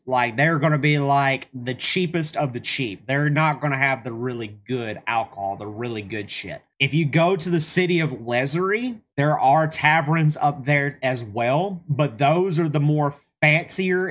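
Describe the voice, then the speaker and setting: A man's voice: on the high side, fairly bright tone. A man running a tabletop game as game master, narrating in a loose, casual way with plenty of swearing and filler words.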